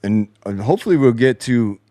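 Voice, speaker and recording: Medium in pitch and dark in tone, his voice has lively intonation and moves a little fast, recorded at studio quality with no echo. He's the host of a post-game show in his home basement, reviewing replays with frustrated, sarcastic, profanity-laden remarks.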